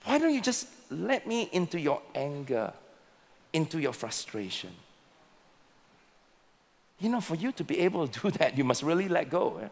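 A male pastor preaching a sermon with slow, emphatic delivery and repeated words. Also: a little high, sing-song, creaky. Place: large church auditorium. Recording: long reverb of a large hall.

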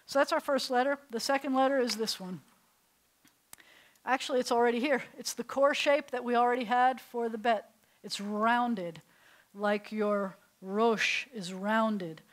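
In a rough recording, a middle-aged woman rabbi with a slightly high voice talks at a normal speed to an adult beginners' Hebrew class in a synagogue classroom. She lectures by telling stories and asking her students questions.

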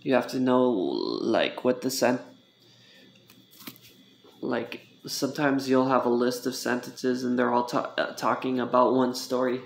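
A man's voice: medium pitch, vocal fry, slight background noise. A man teaching an informal Spanish lesson, repeating words for practice and often stopping to correct himself. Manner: slow, self-correcting, repeats words for drill. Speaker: Spanish tutor.

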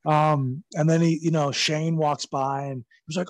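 A man in his forties recounts his wrestling days in a loose, meandering way, peppering his talk with "like" and "you know" and plenty of swearing. His voice sits slightly high for a man. The recording is dry and close, with no room echo. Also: fairly even intonation, moderate pace, few pauses, fairly bright tone. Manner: rambling, profane, full of fillers. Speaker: guest, former wrestler. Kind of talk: casual storytelling interview.

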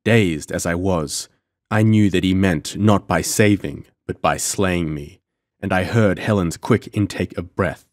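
A man reading an adventure story aloud as an audiobook narrator, in a measured storytelling manner. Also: deep voice. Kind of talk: scripted first-person narration.

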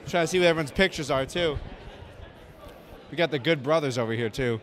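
A man's voice: on the high side, fairly quick, some chatter behind. A man hosting a casual tour of a busy indoor convention floor, joking and bantering with fans, recorded on a mic on a crew member's camera. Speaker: host. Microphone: mic on a camera carried by a crew member.

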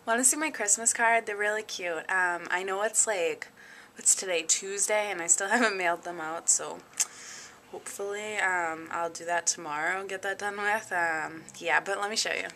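A woman's voice: mid-range voice, normal speed, pushed and bright, a little hiss or hum. A young woman chatting casually in a home vlog, giggly and full of ums and likes. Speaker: vlogger.

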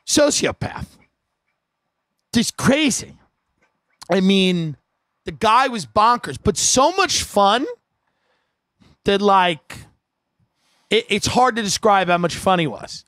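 Casting: comedian host, higher man's voice, dry close sound, rambling storyteller. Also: slow, pauses often, dry recording. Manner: rambling, animated anecdote telling.

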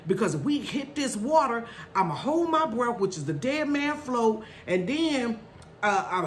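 A middle-aged woman vlogger telling a story in a casual, animated way, laughing often and calling her viewers y'all and honey. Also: a little high, slight background noise.

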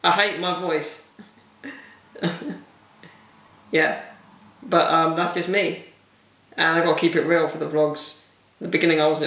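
A man's voice: on the high side, vocal fry, pushed and bright, recorded from a distance. A man hosting a casual solo podcast, talking candidly and rambling with frequent laughs, his voice wearing thin. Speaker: vlogger and podcast host. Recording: echoey room, mic set back.

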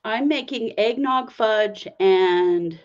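A middle-aged woman co-hosting a podcast in animated casual chat, laughing often and easily riled up. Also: mid-range voice, slow, lo-fi sound. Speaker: podcast co-host.

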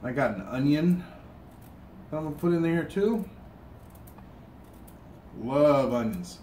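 A man's voice: on the high side, expressive, slow pace, dark tone. A man with a Southern US accent chatting casually as he cooks, rambling with many restarts and fillers. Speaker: cooking vlogger. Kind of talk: casual chat while cooking. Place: hotel room. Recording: roomy, distant mic, faint room hum.

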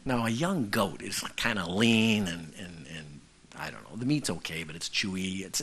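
A man's voice: mid-range voice, lively intonation, moderate pace, bright, forceful tone. Pastor guy giving a casual chatty sermon, voice swings up and down a lot, keeps checking in with the room. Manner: conversational, often checks in with the congregation.

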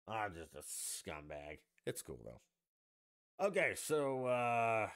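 A man hosting a solo podcast, ranting in a profane, sarcastic and argumentative way. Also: on the low side. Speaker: podcast host.

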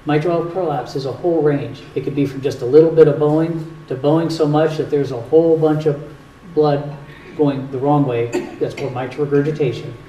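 A man's voice: on the high side, fairly even intonation, a little fast, few pauses, dark tone. A man with a Northern US accent, a cardiologist, patiently explaining heart health to an audience with a few dry jokes. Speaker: cardiologist giving a talk. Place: community hall at a retirement home. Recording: echoey hall, distant mic, faint hiss.

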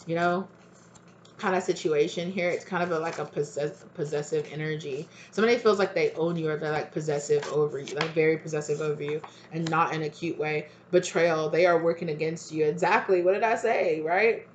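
A woman's voice: sits low, steady tone, fairly quick, lo-fi sound, a little hiss or hum. A woman giving a casual tarot reading, talking in a loose, chatty way and acting out what friends might say. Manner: chatty, acts out quoted friends with lots of "like". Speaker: tarot reader.

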